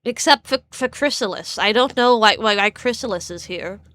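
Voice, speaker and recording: A woman's voice: medium pitch, normal speed, fairly bright tone, dry recording. A woman streamer chatting casually, rambling and stammering with frequent laughs. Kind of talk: casual live-stream chat.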